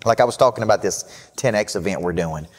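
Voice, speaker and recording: On a live business show, a male coach gives a brash, fast-talking motivational pitch. It's live podcast talk, and the recording carries hall reverb.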